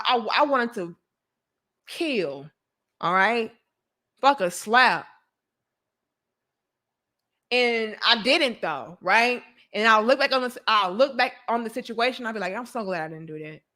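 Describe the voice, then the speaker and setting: A woman's voice: fairly high pitch, sharp tone. A young woman hosting a casual commentary vlog, talking bluntly and with plenty of profanity as she tells stories and preaches advice. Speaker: host.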